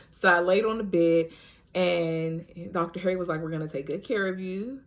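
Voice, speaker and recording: Woman vlogger kinda low voice, chatty, lots of "like" and "you know", talking to y'all. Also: fairly even intonation, normal speed. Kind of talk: casual storytelling to camera.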